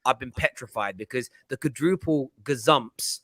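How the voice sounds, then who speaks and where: A man's voice: mid-range voice, moderate pace, a bit bright, no room sound. A man hosting a casual football fan panel, bantering and reading out viewer messages. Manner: bantering, laughs often, reads out viewer messages. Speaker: host.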